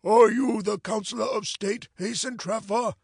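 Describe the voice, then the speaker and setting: A man voicing a hoarse, frightened old male councillor in a storybook reading, mournful and trembling. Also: high voice, fairly even intonation, normal speed, no echo, studio quality, exaggerated voice.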